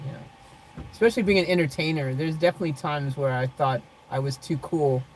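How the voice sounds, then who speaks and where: A deep, darkish-toned woman talks quickly in a low-quality recording with a little hiss or hum. She's in a parked car doing a casual live stream, reading chat and addressing viewers by name while laughing often, rambling loosely, and saying "freaking" a lot.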